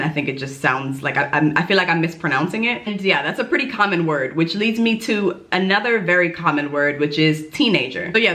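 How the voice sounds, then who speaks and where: A woman's voice: lowish voice, pushed and bright. Chatty young woman vlogging. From New York. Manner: chatty, self-deprecating, quick. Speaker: YouTuber teaching German. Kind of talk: casual vlog explainer.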